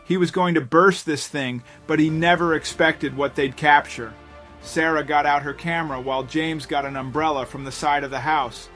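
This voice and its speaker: A man's voice: fairly high pitch, a bit bright. Man narrating a mystery tale. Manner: dramatic storytelling delivery. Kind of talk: scripted narration.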